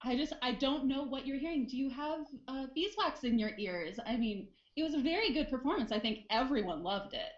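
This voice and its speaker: A man's voice: very high voice, expressive, a little fast, few pauses, echoey room, muffled recording, pitched above the performer's own voice. A man voicing a confident, flamboyant female halfling singer who boasts about her voice. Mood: indignant. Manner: indignant, boastful.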